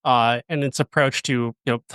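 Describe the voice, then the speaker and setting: A man's voice: medium pitch, fairly even intonation, fairly bright tone, clean tone, dry recording. A man hosting a movie review podcast who talks with eager enthusiasm, stumbling over restarts as he praises a film. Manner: enthusiastic, halting, with many fillers and restarts. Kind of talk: casual review chat.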